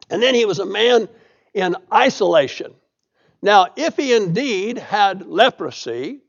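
A man's voice: high voice, vocal fry. A man preaching a sermon, telling the story in a folksy way and reading scripture aloud. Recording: dull lo-fi recording.

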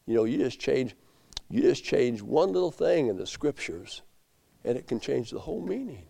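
A man preaching a sermon, swinging from low, quiet asides up to loud emphatic peaks. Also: very animated, moderate pace, gravelly, slightly rough. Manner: rising to emphatic peaks, then dropping low.

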